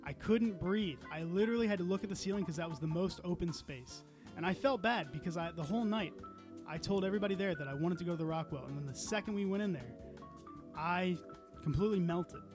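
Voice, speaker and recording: A man's voice: high-pitched, fast. A man hosting a casual podcast, joking around and running a quiz for his friends. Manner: joking, storytelling, quizmaster. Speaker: podcast host. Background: music held up to the mic.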